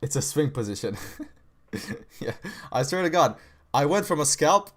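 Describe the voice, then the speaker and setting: A man's voice: mid-range voice, very animated, normal speed. A young man hosting a live trading stream, chatting casually with viewers in slangy speech, saying "bro" and "right" a lot. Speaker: livestream trading host. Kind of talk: casual livestream chat reading viewer questions.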